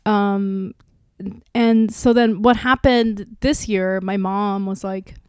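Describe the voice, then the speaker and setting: Woman podcast host, 30s, mid-pitched, tells stories candidly, dry close-mic sound. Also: slow pace, clear, resonant tone, no room sound. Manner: candid, animated storytelling with many restarts. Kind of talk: casual podcast chat.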